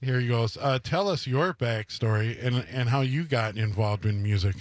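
A man's voice: medium pitch, normal speed. A man co-hosting a live radio show, casually asking band members about their backstories. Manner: friendly conversational questioning. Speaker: radio co-host. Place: radio studio.

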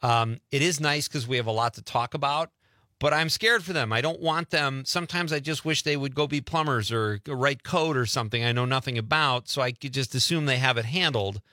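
A middle-aged man hosting an interview show, chatty and quick to laugh. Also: medium pitch, bright, forceful tone, no room sound, clean studio sound. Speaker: host. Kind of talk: casual interview chat.

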